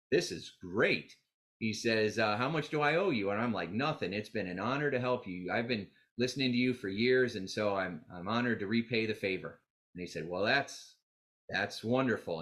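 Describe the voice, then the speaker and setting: A man presenting a live motivational seminar on getting clients, telling stories with acted-out quotes and calling on the audience to repeat after him. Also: lowish voice. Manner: energetic, animated storytelling with quoted dialogue.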